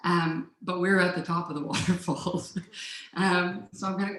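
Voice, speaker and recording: A woman's voice: fairly low pitch, fairly even intonation, normal speed, a bit bright, slight background noise. A woman telling a personal story at a live event, in a casual, profane manner with frequent laughs. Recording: roomy live room echo.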